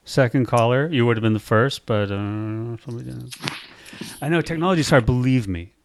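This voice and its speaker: A man's voice: mid-range voice, brisk. A man hosting a podcast, chatting casually, telling stories and laughing often. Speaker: podcast host. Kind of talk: casual chat.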